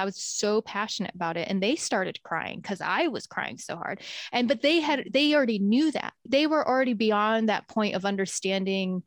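A woman's voice: medium pitch, moderate pace, no room sound. A woman earnestly telling a heartfelt personal story in casual conversation.

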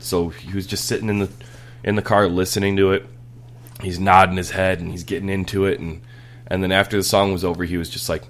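A man in his thirties chatting casually on a podcast, rambling and laughing through family stories. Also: deep voice. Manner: rambling, laughing, with many restarts. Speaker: podcast host. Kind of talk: casual storytelling chat.

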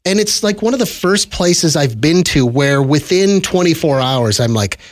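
Guy, podcast co-host, slightly high and very lively, emphatic chatter into a studio mic. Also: normal speed. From Canada. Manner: animated, emphatic storyteller. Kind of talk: casual chat.

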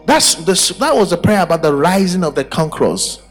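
A man's voice: fairly high pitch, big pitch swings, a little fast, soft background music. A man preaching a sermon at a church service, emphatic and full of rhetorical questions. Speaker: pastor.

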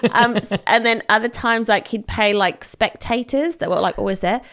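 Creaky-voiced woman telling a story. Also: on the high side, moderate pace. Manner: animated storyteller, acts out quotes, laughs often. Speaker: podcast co-host. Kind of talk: casual chat, retelling a story.

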